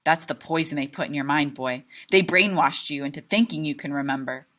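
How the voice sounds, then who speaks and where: A woman reading the lines of a cold, menacing grown man in a calm, controlled voice. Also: deep voice, fairly quick.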